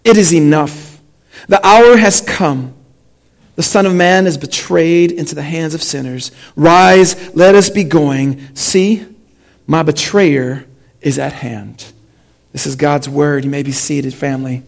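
Male pastor, high-pitched, sermon delivery in a church; slow scripture reading with hushed drops. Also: creaky. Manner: reads slowly, dropping to a hushed, low delivery at key lines; invites the congregation to read aloud with him. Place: church sanctuary.

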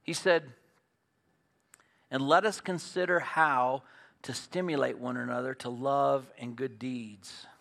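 A middle-aged man preaching a sermon as pastor, folksy and storytelling, moving between loud emphatic points and quiet earnest asides. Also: mid-range voice, steady tone, slow, creaky.

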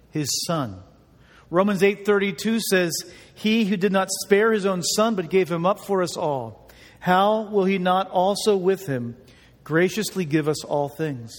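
A man preaching a sermon as pastor, earnest and emphatic, repeating key words for weight. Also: high-pitched. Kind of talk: sermon with prayer. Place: church hall. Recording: long hall reverb.

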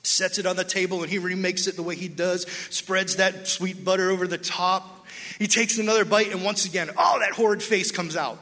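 A high-pitched male preacher tells a story from the pulpit, acting out every character's lines with lively energy. His voice is bright and forceful, and it rings through a reverberant church sanctuary. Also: fairly quick. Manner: animated, acts out dialogue, laughs with congregation. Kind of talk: sermon with storytelling. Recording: long hall reverb.

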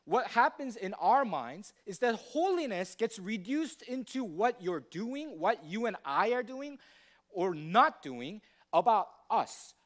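A man's voice: high-pitched, fairly bright tone. A male pastor preaching a sermon in a teacherly way, often checking in with the congregation with questions. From United States.

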